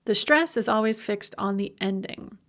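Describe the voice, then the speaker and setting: A woman giving a recorded university language lecture, explaining in a chatty, informal way with quick asides. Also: medium pitch. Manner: slow, stressed demonstration of spoken forms.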